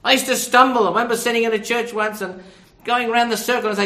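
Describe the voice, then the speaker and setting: A man's voice: very high-pitched, steady tone, quick pace, pushed and bright, roomy sound. A man preaching a sermon, earnest and direct, asking his listeners rhetorical questions.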